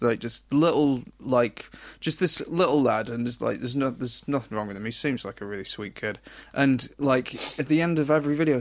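A man chatting casually, telling stories in an animated way, laughing often. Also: medium pitch. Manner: animated, laughing, swearing storyteller. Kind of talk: casual chat.

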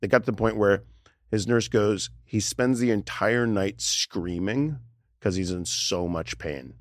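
Brief: low-pitched man in his forties, candid emotional storytelling, halting and restarting, dry close sound. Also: dry recording. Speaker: interview guest, comedian.

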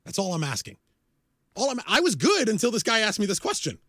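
A man in his forties rants with profane exasperation on a podcast, his voice sitting high and swinging widely in pitch. The sound is close and dry, with no room around it. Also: huge pitch swings, fairly quick, fairly bright tone, no room sound. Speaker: podcast co-host. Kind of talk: casual ranting chat.

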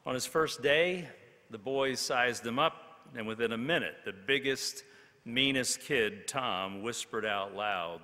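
A man preaching a sermon, telling a story in a slow, dramatic way with long pauses. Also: medium pitch, pushed and bright. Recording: long hall reverb.

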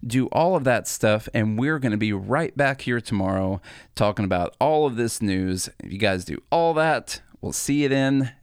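A man's voice: mid-range voice, animated, moderate pace, smooth, dry recording. Podcast co-host, man, chatty and promotional, dry close sound. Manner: chatty, laughs easily, promotional sign-off. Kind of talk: casual political podcast chat.

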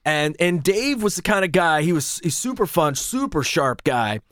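A man hosting a casual podcast chat, spinning animated, salty stories. His voice sits a little high and the recording is close and dry. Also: normal speed, no room sound. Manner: animated storyteller, swears freely. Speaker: radio host.

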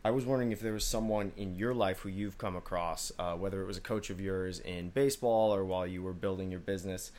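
A man hosting a podcast, asking long, measured interview questions. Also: deep voice, steady tone, a little mellow. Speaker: podcast host.

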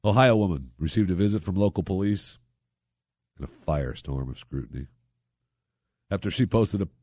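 A man's voice: deep voice, normal speed, a little mellow, no room sound, studio quality. A man hosting a talk radio show, reading news stories and mocking them with sarcastic asides. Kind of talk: opinion talk radio monologue.

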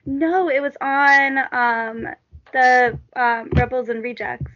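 A woman calmly telling a personal story as a guest on a radio panel. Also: high voice, takes it slowly, lo-fi sound. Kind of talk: casual radio chat.

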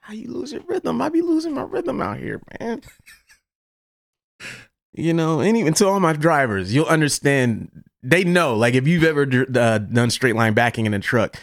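A man hosting a podcast, telling a story in a casual, animated, profane way. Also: a little high, moderate pace, creaky, no room sound, studio quality. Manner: animated, profane, laughs through his story. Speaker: podcast host.

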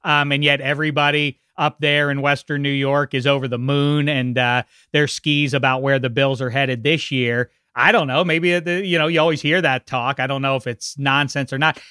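A man with a bright, crisp voice hosts a casual sports chat. He is wry and a little rambling. The sound is dry and close. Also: medium pitch, steady tone, moderate pace, hardly any pauses, no echo. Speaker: podcast host.

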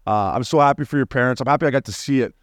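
A man co-hosting a podcast in casual chat, telling stories excitedly and swearing freely. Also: mid-range voice, racing, dry recording, clean studio sound. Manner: excitable, profane, storytelling. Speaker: podcast co-host.

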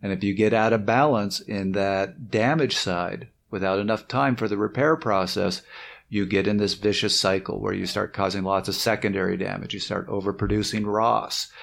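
Gravelly man summing up. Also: fairly low pitch, steady tone, moderate pace. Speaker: podcast co-host. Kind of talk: casual podcast chat.

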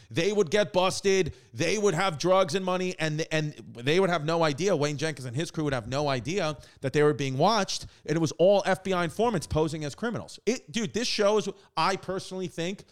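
A man's voice: on the high side, clear, resonant tone. A man co-hosting a casual comedy podcast, telling rambling, profane stories with lots of restarts. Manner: rambling, profane, animated storytelling. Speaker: podcast co-host.

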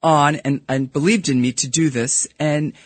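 Brooklyn woman, middle-aged, blunt, husky, dry studio mic. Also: sits low, fairly even intonation, no room sound. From New York. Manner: blunt, fast-talking, frank. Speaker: podcast host and real estate broker, guest. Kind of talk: casual radio interview. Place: radio studio. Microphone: studio microphone.

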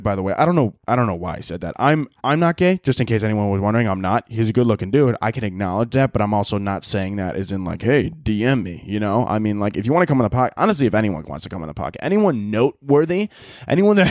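A young man hosting his own podcast, chatting loosely and swearing freely between frequent laughs. His voice sits at an ordinary pitch, and the recording is dry and close, with no room sound. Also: darkish tone, dry recording. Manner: profane, rambling, laughs often. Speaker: podcast host. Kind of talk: casual solo podcast chat.

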